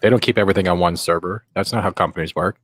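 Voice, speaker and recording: A man's voice: sits low, steady tone, racing, fairly bright tone, no echo. A man on a gaming stream panel, explaining his view at length in an argumentative way. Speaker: guest panelist. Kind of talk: casual chat on a live stream.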